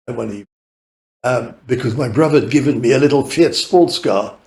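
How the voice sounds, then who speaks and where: A man's voice: medium pitch, animated, quick pace, a little mellow, reverberant. A man in his eighties with a British accent, telling long rambling stories as a podcast guest, laughing often and swearing casually. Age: 80s. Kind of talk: rambling anecdotal storytelling.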